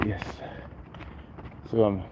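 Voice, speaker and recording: Speaking extremely slowly over background noise, a man hosts a laid-back live walking vlog along a residential street. He talks with his viewers and says hello to them by name.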